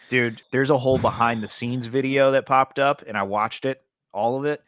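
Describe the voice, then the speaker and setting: A man's voice: mid-range voice, steady tone, normal speed, few pauses, a bit bright, no room sound, studio quality. A man co-hosting a casual podcast chat, telling stories in a laid-back, amused way. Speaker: podcast co-host.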